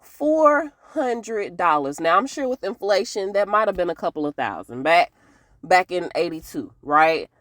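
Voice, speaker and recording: A woman hosting a casual TV recap, chatty and expressive, laughing often and talking straight to her viewers. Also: fairly low pitch, unhurried, dry recording. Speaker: TV recap host.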